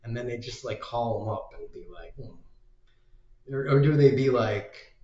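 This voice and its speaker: A man's voice: mid-range voice, animated, moderate pace, darkish tone. A man talking in a casual, meandering monologue, swearing freely as he goes. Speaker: vlogger. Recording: roomy, dull lo-fi recording.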